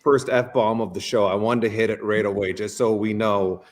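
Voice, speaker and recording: Chatty Canadian man, low voice. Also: normal speed, a little hiss or hum. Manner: animated, stammering restarts and many fillers. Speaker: guest. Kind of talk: casual interview chat.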